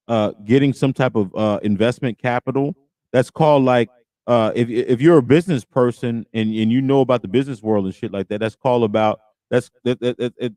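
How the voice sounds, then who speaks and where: A man's voice: mid-range voice, a little mellow, dry recording. A middle-aged man hosting a podcast, ranting and swearing heavily as he reacts to a clip. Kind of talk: heated reaction commentary.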